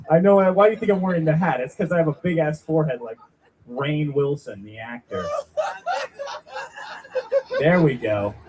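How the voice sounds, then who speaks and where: A man's voice: a little high, moderate pace, long pauses, darkish tone, a little hiss or hum, poor audio. A young man doing a rambling, self-deprecating stand-up set at a small open mic, chatting with the crowd. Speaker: stand-up comic.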